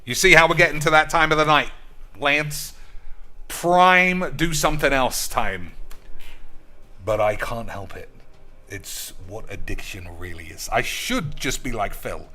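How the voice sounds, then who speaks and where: A man commenting on his own gameplay, crude and foul-mouthed, ranting one moment and mock-boasting the next. His voice is bright and forceful at an ordinary middle pitch. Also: unhurried. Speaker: gaming streamer.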